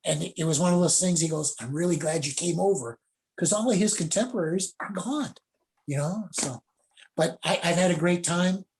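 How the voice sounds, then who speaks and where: A man's voice: high voice, moderate pace, a little hiss or hum. A middle-aged man, a judo sensei, telling rambling stories casually on a video call. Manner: rambling anecdotes with laughs and acted quotes.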